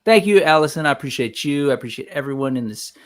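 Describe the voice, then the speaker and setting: A man's voice: fairly high pitch, lively intonation, fast. A man in his forties hosting a casual livestream, chatting loosely and greeting viewers by name as he reads the live chat. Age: 40s. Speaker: host.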